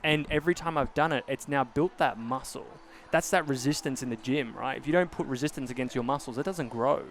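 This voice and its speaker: Ein Mann moderiert einen lockeren Podcast, ernsthaft und nachdenklich, mit vielen Füllwörtern und Neuansätzen. Seine Stimme liegt in mittlerer Höhe, und hinten ist ein leises Raumrauschen zu hören. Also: male voice, mid-range voice, a little fast, slight background noise. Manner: earnest, many fillers and restarts, reflective. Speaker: podcast host. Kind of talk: casual conversational interview.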